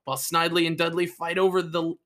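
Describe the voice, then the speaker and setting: Higher-voiced man reading, then joking. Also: level tone, quick pace, a bit bright. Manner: reads ride facts then jokes and asides. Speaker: podcast co-host. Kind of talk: casual chat.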